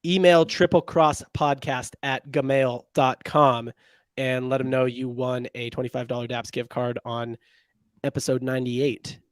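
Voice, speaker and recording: A man's voice: medium pitch, fairly even intonation, unhurried, no echo, clean studio sound. A man co-hosting a casual sports podcast, chatty and jokey, calling out viewers' names from the chat. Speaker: podcast co-host.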